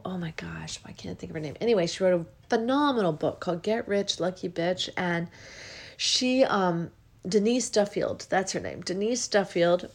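A woman hosting a podcast and leading a guided emotional release, speaking soft repeated affirmations that drift into whispers while she is tearful. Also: on the low side. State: tearful, crying with a running nose. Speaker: podcast host.

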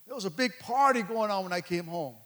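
A man's voice: high-pitched, lively intonation, brisk, fairly bright tone. A man preaching a sermon as a pastor, emphatic and conversational, pressing his points home.

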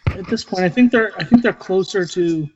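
High-voiced man, dull lo-fi sound. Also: a little fast, a little mellow. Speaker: podcast co-host. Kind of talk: casual sports podcast chat.

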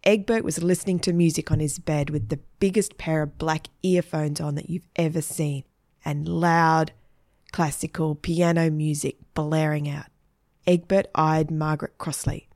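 A woman reading a children's story in a gentle, even storytelling manner. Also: deep voice, normal speed, no room sound, clean studio sound. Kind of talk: scripted children's story narration.

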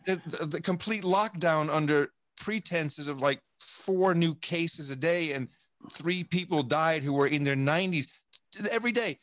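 A man from the United States, a podcast guest talking in a rambling, profane, animated way with many restarts. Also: a little high, unhurried, no echo, clean studio sound. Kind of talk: casual podcast conversation.

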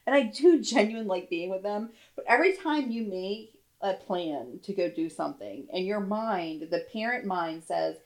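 A woman's voice: mid-range voice, lively intonation, moderate pace, hardly any pauses, rough recording. Chatty mother rambling through a story. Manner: chatty, rambling, laughs often. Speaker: podcast co-host. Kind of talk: casual storytelling chat.

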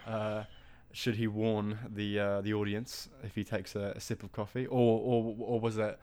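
A man's voice: on the low side, flat delivery, normal speed, a little mellow, clean tone. A young man co-hosting a casual podcast, rambling and teasing with lots of fillers and restarts. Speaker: podcast co-host.

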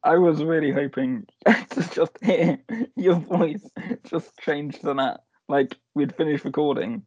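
A man's voice: fairly high pitch, measured pace, a little mellow, slightly rough, no echo. Male podcast host, upbeat, laughing often, dry muffled audio. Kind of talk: casual chat.

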